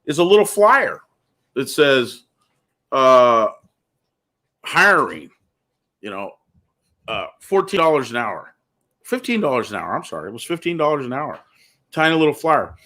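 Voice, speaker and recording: A man's voice: medium pitch, bright, forceful tone. A man hosting a casual talk show, speaking bluntly and ranting, often calling the listener "dude.". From California. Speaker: podcast host.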